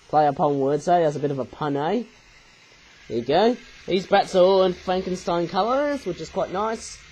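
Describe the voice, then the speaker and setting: A man talks through a toy unboxing in a loose, chatty way, adding "eh?" to his remarks and dropping puns. His voice sits slightly higher than most men's, and he is still coughing from a recent flu and sore throat. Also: a little mellow, poor audio. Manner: chatty, tags sentences with "eh?" and makes puns. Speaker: toy reviewer. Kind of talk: casual unboxing review.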